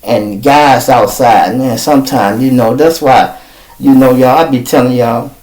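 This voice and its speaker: A man, telling a long street story in a profane, animated way and often addressing his listeners as y'all. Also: medium pitch, unhurried, rough recording. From Chicago. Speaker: storyteller host.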